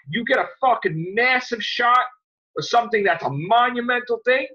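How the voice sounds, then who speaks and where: A man hosting a podcast, ranting angrily with lots of swearing and sudden loud outbursts. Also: sits high, lively intonation, fast talker, breathy edge. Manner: heated, profane, jumps to loud outbursts. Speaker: podcast host. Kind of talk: angry podcast rant. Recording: dull lo-fi sound.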